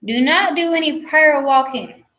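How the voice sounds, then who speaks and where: A woman's voice: high-pitched, unhurried, sharp tone, a little hiss or hum. A teenage girl co-hosting a radio talk show, chatty and giving advice, often correcting herself. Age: teens. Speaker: teen radio co-host. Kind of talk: casual radio chat.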